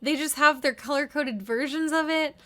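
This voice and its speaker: A woman's voice: high-pitched, moderate pace, pushed and bright. A woman in her thirties giving rambling, wry casual commentary with lots of "like". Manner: wry, rambling, heavy use of "like". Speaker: video essayist.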